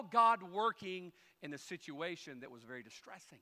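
A male pastor preaching a sermon, moving from quiet folksy storytelling with humorous asides to loud, rising emphasis. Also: high-pitched, animated, moderate pace, hardly any pauses.

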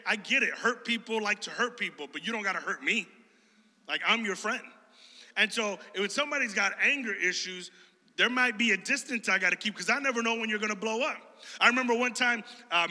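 Bright-voiced joking preacher in a hall. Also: male voice, high voice. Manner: animated, conversational, jokey storyteller. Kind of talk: sermon.

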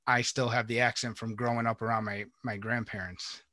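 A man's voice: mid-range voice, level tone, brisk, bright, forceful tone, no room sound. A man from Connecticut co-hosting a podcast, chatting casually and rambling with restarts. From Connecticut, USA. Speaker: podcast co-host. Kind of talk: casual chat.

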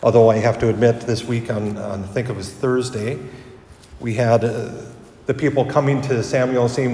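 A man's voice: medium pitch, normal speed. A priest giving a conversational homily, correcting himself and livening up when he quotes people. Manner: conversational, self-correcting, animated when quoting. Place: church. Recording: echoey church from a distance.

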